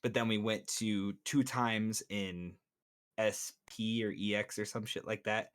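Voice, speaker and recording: A man's voice: lowish voice, steady tone, unhurried, clear, resonant tone. A man co-hosting a casual podcast, explaining game mechanics at length and swearing now and then. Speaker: podcast co-host. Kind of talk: casual chat.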